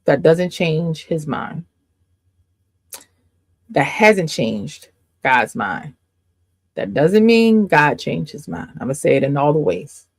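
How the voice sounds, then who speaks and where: A woman coach delivers an informal faith lesson straight to camera, pressing her points by repeating them. Her voice carries a gravelly fry, and the sound is close and dry with no room around it. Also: deep voice, lively intonation, no echo. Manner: emphatic, repeats points, quick asides and laughs. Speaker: life coach and faith teacher. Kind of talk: casual faith teaching to camera.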